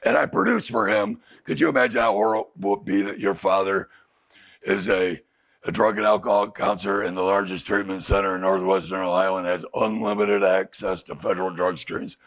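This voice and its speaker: Low, brisk and creaky with a bit of brightness, this man's voice carries a frank group talk in a recovery house. He's a middle-aged addiction counselor who regularly puts rhetorical questions to the group.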